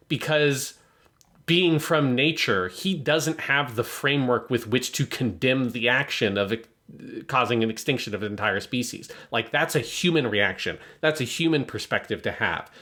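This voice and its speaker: A man's voice: medium pitch, moderate pace, pushed and bright. A man co-hosting a podcast, picking apart a story in casual, analytical chat and swearing now and then. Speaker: podcast co-host.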